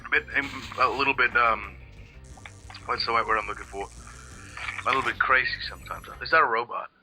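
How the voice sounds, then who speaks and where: A man's voice: medium pitch, steady tone, a little fast, over music, low-quality recording. A man co-hosting a let's play, chatting casually in rambling sentences full of restarts and swearing. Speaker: let's play co-host watching. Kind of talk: casual gaming chat.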